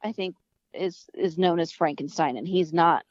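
A woman's voice: on the low side, no echo. A woman chatting casually on a podcast, talking in a hesitant way and correcting herself. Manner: hesitant, halting, self-correcting. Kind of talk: casual chat. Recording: dull lo-fi sound.

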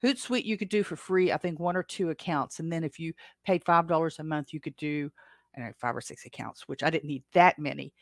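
A woman's voice: sits low, brisk, dry recording. Chatty rambling woman host, dry sound. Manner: rambling, chatty, frequent self-corrections and small laughs. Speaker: podcast host. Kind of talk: casual livestream chat, answering comments.

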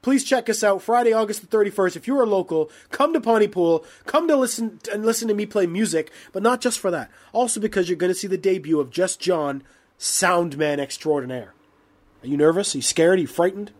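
A man's voice: high voice, a little fast. A man co-hosting a podcast in brash, sweary, playful casual banter. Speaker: podcast co-host.

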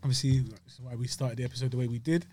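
A man's voice: mid-range voice, steady tone, racing, dark tone. A man co-hosting a podcast, talking casually in slang with many restarts while eating. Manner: rambling, slangy, chatty with food breaks. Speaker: podcast co-host.

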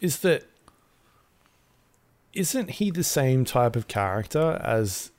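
A man's voice: mid-range voice, very animated, takes it slowly. A man co-hosting a podcast, chatting casually, often asking questions and hesitating. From Australia. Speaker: podcast co-host. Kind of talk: casual chat.

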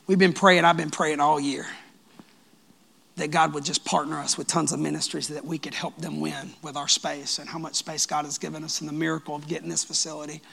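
A man preaching a sermon as pastor of his church, lively and joking with the congregation. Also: fairly high pitch, fairly quick, creaky. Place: church sanctuary.

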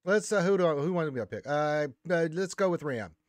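A man's voice: a little high, expressive, fairly quick, dry recording. Man joking around as podcast host. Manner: joking, rambling, teasing the guests. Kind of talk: casual chat.

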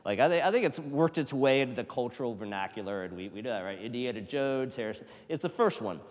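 A male pastor giving a casual, conversational sermon, swinging from loud emphasis to hushed near-whispers. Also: medium pitch, lively intonation, quick pace. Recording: long reverb of a large hall.

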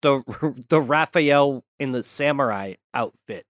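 A man's voice: medium pitch, slow, a bit bright, dry recording. A man in a casual podcast chat, dropping wry jokes and asides. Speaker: podcast co-host.

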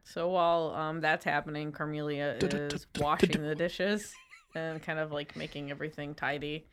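A woman's voice: low voice, little pitch movement, normal speed, noisy background. A woman playing a tabletop role-playing game, describing her character in a chatty, giggly way. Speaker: player.

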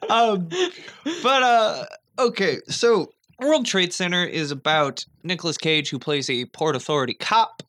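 A woman's voice: fairly low pitch, a little slow, fairly bright tone. A woman hosting a casual podcast chat about movies, laughing often and swearing casually. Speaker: podcast host.

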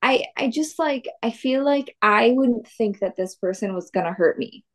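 A woman's voice: fairly high pitch, normal speed. A woman podcast co-host reacting to a story with gasps, questions and musings. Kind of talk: casual chat.

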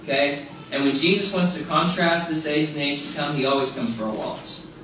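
A man delivers a sermon with emphatic repetition and casual asides. His voice sits high, and the recording is heavily echoey, picked up from a distance with faint background noise. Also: a little fast. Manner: emphatic, repeats key phrases, casual asides. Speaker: pastor. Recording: very echoey room, mic far off, faint noise.

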